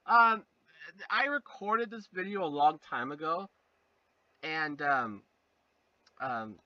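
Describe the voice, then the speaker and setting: Young male reviewer, high and lively, very bright and sharp tone, sarcastic comic delivery, muffled and slightly off-mic. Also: dry recording, far from the mic. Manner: animated, sarcastic, jumps into silly voices. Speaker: video reviewer. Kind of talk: comedic fake review monologue.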